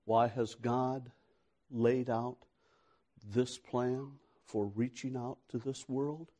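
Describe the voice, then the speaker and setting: A male preacher delivering a dramatic sermon, moving from hushed tones to shouting and acting out biblical dialogue. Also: medium pitch, fairly even intonation, takes it slowly.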